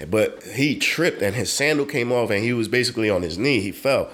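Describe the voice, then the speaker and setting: A young man co-hosting a podcast, telling profane stories in an animated way with loud laughs. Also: mid-range voice, brisk. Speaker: podcast co-host. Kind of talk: casual chat, storytelling.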